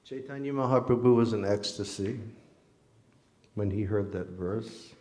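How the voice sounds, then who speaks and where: A man preaches informally, mixing story and scripture in a conversational, earnest way. His voice sits low with a warm, mellow color. The sound carries the echo of a large temple hall. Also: measured pace. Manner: conversational, earnest, with ordinary fillers. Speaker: devotional speaker. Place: temple hall during a festival. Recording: echoey hall.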